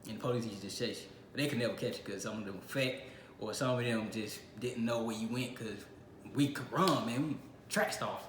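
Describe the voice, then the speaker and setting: In an echoey room with a little noise, a young man from Illinois hosts his channel and spins a laid-back personal anecdote, acting out how he responded. His pitch is medium, his pace a touch fast, and his tone somewhat bright.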